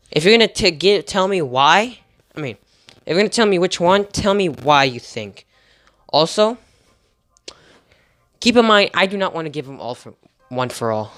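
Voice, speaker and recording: A man's voice: on the high side, fairly bright tone, no room sound, clean studio sound. Young male fan storyteller, improvised and rambling, faint music behind. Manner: rambling, with restarts and laughs.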